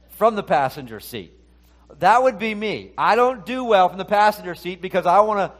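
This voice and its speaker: Male pastor, middle-aged, conversational sermon, fairly high voice, acts out quoted voices.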